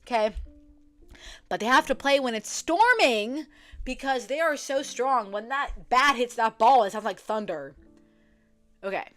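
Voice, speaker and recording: A young woman casually retelling a story to her viewers, chatty and profane, full of "like" fillers, acting out characters' lines in quick quotes. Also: a little high, lively intonation, a bit bright. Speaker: book vlogger. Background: faint background music.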